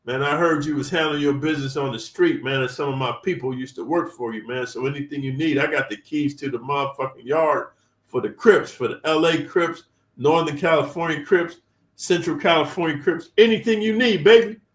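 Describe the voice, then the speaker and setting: A man's voice: a little high, brisk, natural voice. A man voicing a friendly, respectful male prison gang leader who talks in street slang, in a roomy space with the mic some distance off. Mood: reassuring. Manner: street slang, loyal, reassuring.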